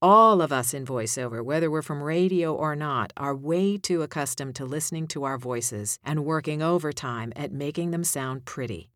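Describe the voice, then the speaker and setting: A woman's voice: low voice, moderate pace, hardly any pauses, fairly bright tone, dry recording, clean studio sound. A woman giving voiceover coaching tips in a conversational way, demonstrating line reads as she goes.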